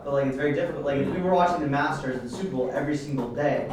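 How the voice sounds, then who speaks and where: A man in the audience speaks quickly and hesitantly, filling gaps with "like". He is heard from far off in a very echoey room with noticeable noise behind him. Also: on the high side. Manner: hesitant, lots of "like". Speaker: student in the class. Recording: distant, echoey, noisy room mic.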